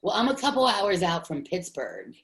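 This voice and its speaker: A woman with a deep voice co-hosting a podcast, chatting in a joking, laid-back way. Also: wildly swooping pitch, moderate pace. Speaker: podcast co-host. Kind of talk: casual chat.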